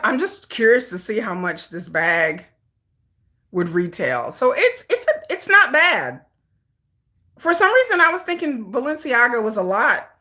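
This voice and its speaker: A woman's voice: sits high, sharp tone. A woman from Detroit hosting a casual livestream chat, chatty and sassy, laughing often. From Detroit, United States. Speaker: K-pop livestream host. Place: home, at a computer with a ring light.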